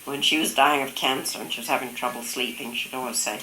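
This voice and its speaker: A woman's voice: rumbling low, steady tone, fast, roomy sound, background noise. An older woman telling family stories in casual conversation, amused and laughing often, sometimes mimicking her relatives' voices. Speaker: interviewee recalling family stories.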